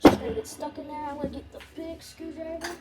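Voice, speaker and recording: A woman's voice: very high voice, fast. A woman giving casual running commentary as she takes apart a machine, chatty, laughing often and sometimes dropping to a whisper. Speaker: vlogger taking apart a machine. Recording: loud background noise with tool clicks.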